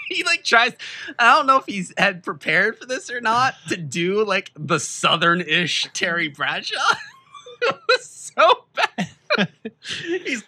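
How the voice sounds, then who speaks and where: A young man co-hosting a casual podcast, telling a rambling, animated story and laughing often. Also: sits high, takes it slowly, a little hiss or hum. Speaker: podcast co-host. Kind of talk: casual chat, played as an old episode clip.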